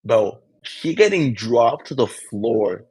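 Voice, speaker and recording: A young man, a podcast co-host, with a gravelly, husky voice and animated, swaggering slang banter. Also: medium pitch, slow pace, no room sound. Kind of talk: casual chat.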